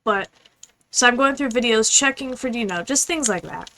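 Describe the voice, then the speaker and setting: A young woman streaming a game, chatting casually in a rambling, fast, apologetic way. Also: fairly high pitch, animated, a bit bright, poor audio. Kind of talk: casual gaming stream chat.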